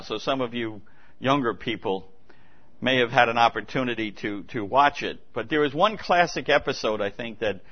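A man preaching a sermon in a church, earnest and emphatic, repeating his key points and restarting phrases as he goes. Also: medium pitch. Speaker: pastor. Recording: dull lo-fi recording.

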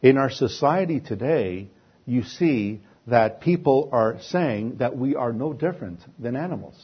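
Husky man preaching a sermon. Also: mid-range voice, animated, measured pace, muffled recording. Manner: asks rhetorical questions and answers them himself.

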